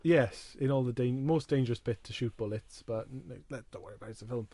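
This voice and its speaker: A man's voice: mid-range voice, quick pace, mellow, slightly rough, dry recording. A man hosting a casual film chat, recapping the plot in a wry, rambling way with many restarts.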